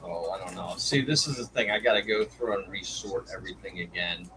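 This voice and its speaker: A man's voice: deep voice, brisk, background noise. A man chatting as a guest on a card-break livestream, laughing easily and talking while he digs through his boxes. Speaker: stream guest. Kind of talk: casual livestream chat.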